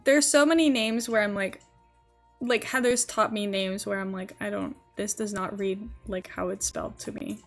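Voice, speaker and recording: With faint music in the background, this young game streamer from the Netherlands rambles casually, using lots of fillers. Her mid-range voice is steady at a moderate pace, and her English accent is part American, part British.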